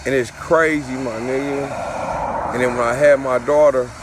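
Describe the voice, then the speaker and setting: A man's voice: medium pitch, fairly even intonation, a little slow, background noise. A father telling a personal story in a casual, profane, repetitive way, looping back over the same phrases.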